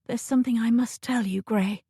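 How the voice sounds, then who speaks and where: A woman's voice: a little high, fairly even intonation, moderate pace, breathy edge, no room sound, clean studio sound, voice pushed up. A woman voicing a heartsick young Regency lady. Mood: earnest. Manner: soft and breathless. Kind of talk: audiobook character voice.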